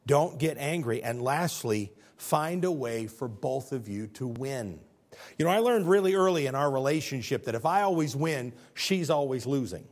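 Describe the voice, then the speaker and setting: A middle-aged male preacher giving a sermon, rising to loud emphatic points and dropping to near-whispers, quoting scripture in old-fashioned wording. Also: medium pitch.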